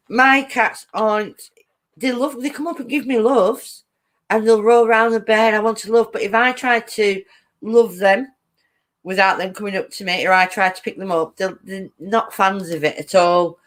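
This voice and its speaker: A woman's voice: medium pitch, measured pace, a bit bright. A woman hosting a casual live-stream chat, giggling often and greeting viewers as she reads their comments.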